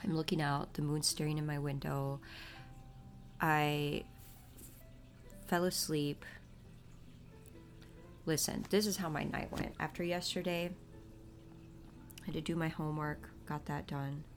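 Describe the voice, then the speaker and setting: A vlogger and mother speaks in a deep, steady voice at a measured pace, leaving long pauses, while soft music plays behind her. Chatty and confessional, she confides in her viewers about her family and her faith.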